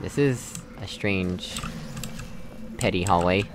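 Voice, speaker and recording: A young Texan gives casual let's-play commentary on a puzzle game, musing aloud, chuckling, and poking fun at himself. His voice sits low and he takes it slowly, though the recording is very noisy.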